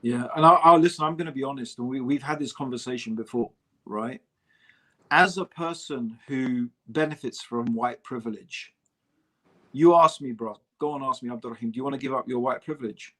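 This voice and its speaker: A man's voice: medium pitch, normal speed, bright, forceful tone. A man co-hosting a casual podcast discussion, talking emphatically and calling his co-host bro. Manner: emphatic, conversational, says "bro" often.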